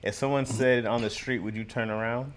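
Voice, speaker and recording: A man from Lansing co-hosting a podcast, asking questions in quick, bantering chat. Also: mid-range voice, fairly even intonation, slight background noise. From Lansing, Michigan. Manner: asks questions, quick back-and-forth banter. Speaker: podcast co-host. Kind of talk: casual chat.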